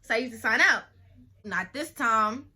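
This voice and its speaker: A young woman vlogger telling a casual storytime, animated and slangy, acting out the people she quotes. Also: on the high side, moderate pace, husky.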